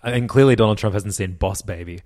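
A man's voice: lowish voice, brisk, darkish tone. A man co-hosting a podcast in casual chat, rambling with fillers and frequent laughs. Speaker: podcast co-host.

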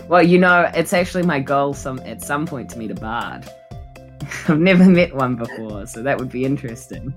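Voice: mid-range voice, animated, moderate pace, faint music behind, natural voice. A player voicing a sheltered young royal in a tabletop game, flippant and bored, always wanting entertainment. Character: sheltered royal youth adventurer.

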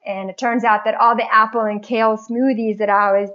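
A woman telling her own story as a podcast guest in a chatty, animated way, often breaking into laughter. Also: a little high, brisk, dull audio. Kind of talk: casual personal story.

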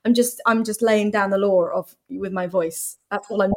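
A woman's voice: medium pitch, moderate pace. A woman, a podcast guest, telling blunt, sweary stories in casual chat. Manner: blunt, sweary, animated storytelling.

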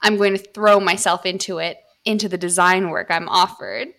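Bright-voiced woman reading a story aloud. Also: fairly low pitch, fairly even intonation, moderate pace. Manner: reads steadily, breaks off to joke. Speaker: podcast host reading a story. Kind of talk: reading erotic fiction aloud with banter.

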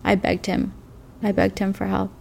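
A woman candidly recounting hard personal experiences, emotional and halting at times. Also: mid-range voice, monotone, vocal fry, a little mellow, a little hiss or hum. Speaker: interviewee. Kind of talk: personal testimony.

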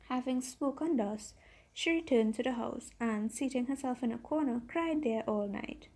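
Husky gravelly woman storyteller. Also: a little high, moderate pace, darkish tone, poor audio. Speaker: podcast host, storyteller. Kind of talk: bedtime story reading.

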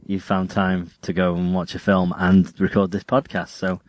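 A young man hosts a podcast, chatting casually and teasing his co-host dryly. His voice is fairly low. The sound is close and dry, recorded in a parked car. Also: little pitch movement, moderate pace, no room sound. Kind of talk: casual chat.

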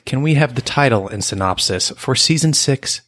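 Male podcast co-host, mid pitch, upbeat and friendly, dry close mic. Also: animated, a bit bright, dry recording. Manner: upbeat, affectionate, quick asides. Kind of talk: casual chat.

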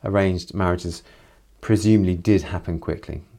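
A man's voice: sits low, steady tone, moderate pace, dark tone. A man summarizing a novel chapter by chapter, adding reflective personal asides. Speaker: literature commentator.

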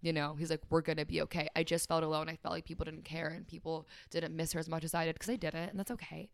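A woman's voice: deep voice, flat delivery, quick pace, creaky, no echo, clean studio sound. A young woman talking candidly and emotionally about her life as a podcast guest, with lots of "like" fillers and quoting others. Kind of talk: candid personal conversation.

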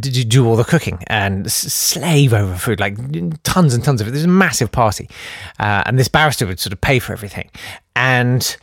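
A man's voice: mid-range voice, dry recording. A man hosting a radio show, speaking close to a studio microphone with a dry, deadened sound. He rambles through comedic chat, stacking ums and tangents and laughing at his own asides. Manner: chatty, full of ums and tangents, self-amused. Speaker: radio host.

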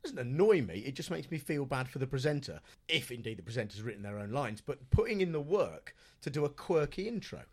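A man co-hosting a podcast who tells stories in a casual, animated way and laughs often. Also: medium pitch, fairly quick, hardly any pauses, slightly rough. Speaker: podcast co-host. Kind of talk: casual chat.

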